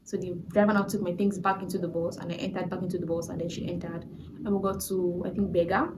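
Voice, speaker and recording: A young woman with a Nigerian accent telling a personal faith testimony in a chatty, animated way, often restarting her sentences. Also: lowish voice, quick pace, noisy background. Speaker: vlogger.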